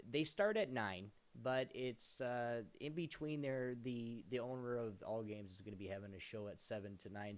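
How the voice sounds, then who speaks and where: A man co-hosting a live gaming stream show, rambling through plugs in a loose, casual way with restarts. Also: mid-range voice. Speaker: podcast co-host.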